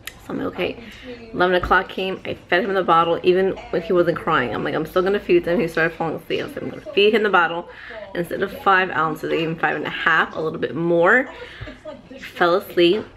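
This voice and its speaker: A woman, a mother, telling a lively casual vlog story at home to a handheld camera, adding playful sound effects. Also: lowish voice, brisk. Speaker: vlogger and mother.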